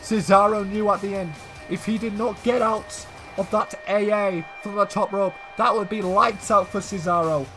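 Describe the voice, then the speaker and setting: Faint music sits behind this man's high-pitched, moderately paced play-by-play of a wrestling game. He's excitable, often shouting and calling out to "ladies and gentlemen."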